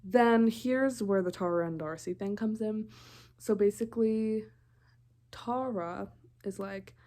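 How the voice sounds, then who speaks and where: A woman's voice: mid-range voice, takes it slowly, mellow. A young woman vlogger recapping a TV show in a casual, rambling way, often breaking off mid-thought. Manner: rambling, chatty, interrupts herself often.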